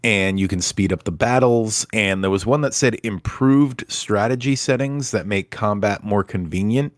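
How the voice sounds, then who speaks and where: A man co-hosting a casual podcast, talking in a relaxed, rambling, self-deprecating way. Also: on the low side, moderate pace, dry recording, clean studio sound. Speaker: podcast co-host. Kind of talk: casual chat.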